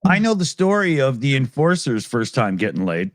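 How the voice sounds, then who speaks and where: A man's voice: medium pitch, sing-song, normal speed, no echo. A man co-hosting a podcast, telling crude jokes and swearing casually. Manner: dry storyteller, swears casually. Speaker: podcast co-host. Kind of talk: crude comedic banter.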